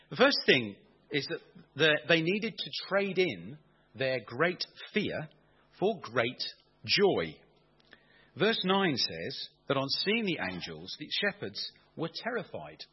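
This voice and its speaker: Lively, playful male preacher, dull recording. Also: medium pitch, breathy edge. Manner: animated, playful with emphasis, asks the congregation questions. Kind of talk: sermon.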